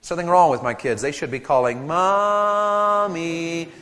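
A man in his thirties preaching a sermon to teenagers at a camp, animated and storytelling, acting out voices and joking with the crowd. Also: mid-range voice, fast talker, long reverb tail.

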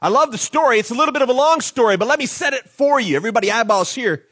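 A man preaching an animated youth sermon, acting out the disciples and crowd as he tells the story. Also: very high voice, racing, breathy edge, no echo. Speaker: youth pastor.

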